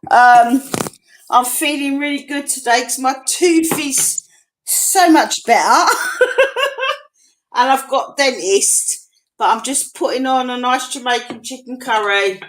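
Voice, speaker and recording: A woman's voice: sits high, unhurried, fairly bright tone. A middle-aged woman from England in casual chat on a live stream, frank and chatty, swearing freely.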